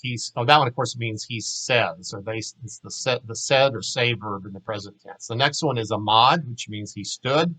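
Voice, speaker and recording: A man's voice: mid-range voice, normal speed, hardly any pauses, sharp tone, rough recording. A man teaching a language lesson, patiently walking learners through verb forms and repeating each word for them. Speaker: Hebrew teacher.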